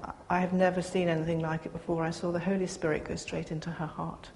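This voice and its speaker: An older woman giving a personal testimony to a gathering, speaking earnestly with pauses and restarts. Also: lowish voice, little pitch movement, a little mellow. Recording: reverberant hall, faint background noise.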